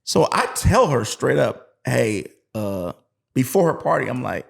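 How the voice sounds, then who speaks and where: Man, gravelly voice, animated storytelling, casual interview chat. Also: mid-range voice, unhurried. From USA. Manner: animated storyteller, acts out voices in his anecdotes. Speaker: guest musician.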